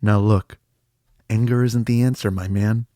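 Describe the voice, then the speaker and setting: A man voicing his own needy male inner voice, speaking softly and pleadingly. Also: fairly low pitch, steady tone, a little slow, dry recording, clean studio sound, close to an everyday voice. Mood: soothing. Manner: soft, pleading, intimate.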